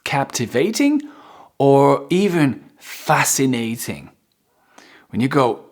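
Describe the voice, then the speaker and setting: A male English teacher walks through vocabulary at an unhurried pace. His pitch swoops lively up and down as he stretches and repeats key words. The delivery is playful and expressive. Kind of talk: vocabulary lesson.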